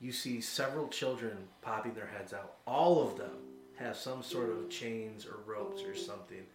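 A man narrating as game master in a casual, animated storytelling way. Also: fairly low pitch, moderate pace. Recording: roomy sound with loud guitar music.

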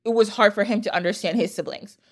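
A woman's voice: medium pitch, fast talker. Woman podcast host, casual chatty delivery, enthusiastic, wanders off on tangents.

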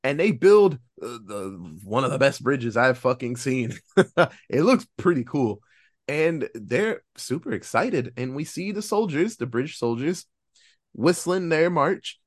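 A man co-hosting a podcast, casually recapping a film's plot with lively storytelling, acting out the characters' lines and throwing in sarcastic cheers and the odd swear. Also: fairly high pitch, unhurried. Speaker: podcast co-host reviewing a film.

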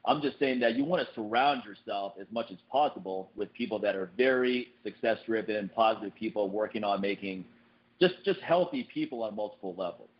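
Man, podcast co-host, quick talker, animated, mimics voices, muffled lo-fi sound. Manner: animated, jumps up in pitch when quoting people. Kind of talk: casual podcast chat. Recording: dull lo-fi podcast recording.

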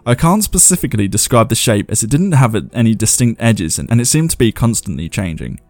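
A man's voice: mid-range voice, very animated, quick pace, dry recording. A man hosting a show, chatting loosely and reading viewer ghost stories aloud, laughing at himself as he goes. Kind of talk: casual commentary and reading aloud.

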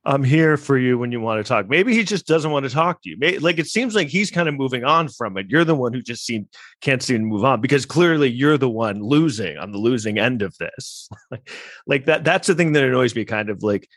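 A man's voice: medium pitch, expressive, a little fast, fairly bright tone, no echo. A man hosting a casual commentary, reacting to clips in a sarcastic, mocking, rambling way with plenty of swearing. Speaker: podcast host.

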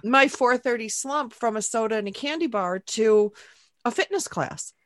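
A woman in her forties talks in a relaxed podcast chat, spinning animated anecdotes. Her voice sits a little high, and the sound is dry and close with no room around it. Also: moderate pace, no echo. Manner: chatty, storytelling, animated anecdotes. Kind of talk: casual podcast conversation.

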